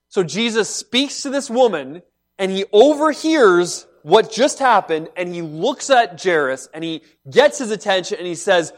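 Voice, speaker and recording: A man preaching a sermon, reading scripture and explaining it with animated emphasis and quiet asides. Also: sits high, moderate pace. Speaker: pastor.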